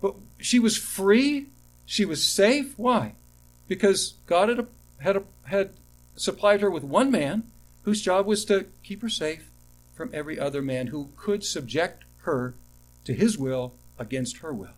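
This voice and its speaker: A middle-aged male pastor preaching in a voice pitched a little above most men's. He swings from loud, emphatic lines to quiet asides. He circles back and restarts phrases as he tells stories to the congregation. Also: animated, a little slow. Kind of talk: sermon.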